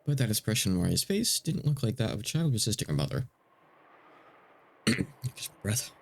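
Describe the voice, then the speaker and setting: A man's voice: on the low side, big pitch swings, moderate pace, gravelly. A male streamer reading a visual novel aloud, with casual asides between the narration.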